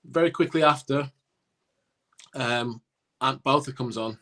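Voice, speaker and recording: A man's voice: medium pitch, measured pace. A man telling a cricket anecdote on a casual podcast, acting out what people said. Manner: animated anecdote-telling with acted-out quotes. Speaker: podcast co-host, former cricketer. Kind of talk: casual storytelling.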